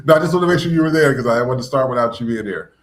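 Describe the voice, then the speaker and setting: A man's voice: mid-range voice, animated, rapid-fire. A man hosting a podcast, giving blunt, profane, emphatic commentary. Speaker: podcast host. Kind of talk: casual commentary.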